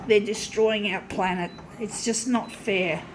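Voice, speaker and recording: A woman's voice: mid-range voice, steady tone, a little slow, a little hiss or hum, low-quality recording. A woman vlogger ranting to her camera, swearing, sighing and exasperated, recorded on a camera mic indoors beside an office copier. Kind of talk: angry rant to camera. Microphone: camera mic, set down nearby.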